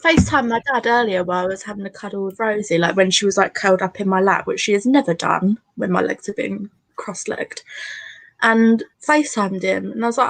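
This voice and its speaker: A woman's voice: mid-range voice, brisk, gravelly, no echo, low-quality recording. A woman hosting a casual chat on a video call, chatty and laughing often. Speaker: host.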